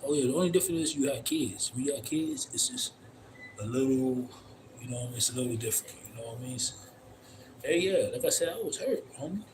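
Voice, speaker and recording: A man's voice: medium pitch, lively intonation, fast, noisy background. A man streaming live outdoors, telling a long, blunt, profane story in a loose, rambling way and repeating "you know what I mean" constantly. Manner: blunt, profane street talk. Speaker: livestreamer. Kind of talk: casual livestream monologue. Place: outdoors in the cold.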